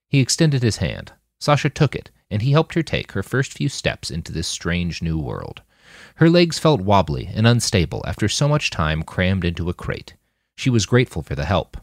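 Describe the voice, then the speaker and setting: A man narrating an audiobook chapter in a scripted, expressive reading on a close mic. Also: deep voice, normal speed, dry recording. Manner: expressive, wide-ranging reading.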